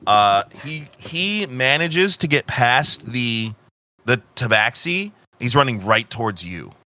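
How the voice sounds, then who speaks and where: A man's voice: medium pitch, very animated, takes it slowly, bright, forceful tone. A man narrating a tabletop game as game master, loose and profane, often restarting sentences.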